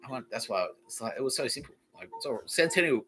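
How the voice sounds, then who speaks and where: Sweary Australian man, bright voice. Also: medium pitch, animated, fast talker, poor audio. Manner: swears freely, loose and laughing. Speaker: podcast host. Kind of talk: rambling casual monologue.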